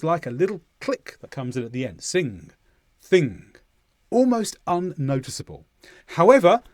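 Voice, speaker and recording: A man from southern England with a Southern English accent, teaching English pronunciation and exaggerating each sound slowly as he demonstrates it. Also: on the high side, darkish tone, no room sound, studio quality. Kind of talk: pronunciation lesson.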